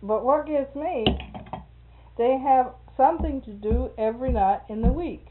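Over a noisy background, a middle-aged woman with a high-pitched voice speaks a little slowly. She is a chatty storyteller in casual conversation, rambling and laughing frequently. The audio has a phone-like narrow band.

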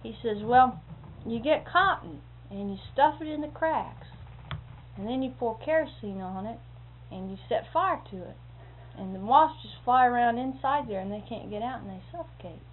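A woman telling a long anecdote in casual conversation, acting out what others said with sound effects like "boom" and breaking into laughter. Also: moderate pace. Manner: animated, acts out quoted speech with sound effects and laughter. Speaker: storyteller. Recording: tinny lo-fi recording with faint hiss.

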